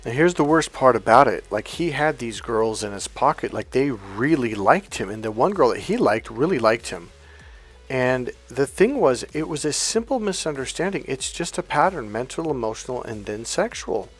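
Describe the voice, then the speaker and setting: A man's voice: mid-range voice, very animated, moderate pace, slightly rough, soft background music. A middle-aged man coaching on dating, telling a story in a blunt, emphatic, profane way. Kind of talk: casual storytelling advice monologue.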